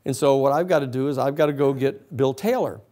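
Animated male lawyer telling a story. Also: medium pitch, a little fast. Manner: animated storyteller acting out quoted voices, laughing often. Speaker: lecturer and lawyer. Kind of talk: storytelling lecture.

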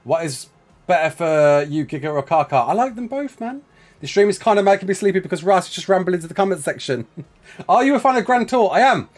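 Rapid excitable Brummie streamer. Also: male voice, high-pitched. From West Midlands, England. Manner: rapid, excitable, laughing often. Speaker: game streamer. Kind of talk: live stream chat reading.

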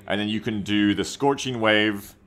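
Bright-voiced streamer, chatty. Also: male voice, lowish voice, normal speed. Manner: chatty, reads viewer comments aloud, often second-guesses himself mid-sentence. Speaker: game streamer. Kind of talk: casual live-stream commentary while gaming.

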